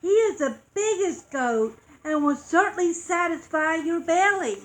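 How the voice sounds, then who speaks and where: A woman voicing a calm, skinny young male goat in a storybook reading, talking in a steady, persuasive way. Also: very high voice, a little slow, voice pushed up, rough recording.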